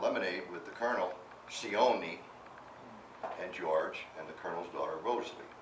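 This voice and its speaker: A man in his eighties, an author telling chatty anecdotes to an audience at a book event and laughing through his own story. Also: deep voice. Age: 80s. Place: event hall. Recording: echoey room, distant mic, background noise.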